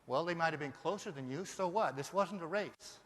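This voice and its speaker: A man from Denver giving a live motivational seminar, energetic and firing rhetorical questions at the audience. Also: fairly high pitch, brisk. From Denver, Colorado. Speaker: motivational speaker. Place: large seminar hall. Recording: long reverb of a live hall.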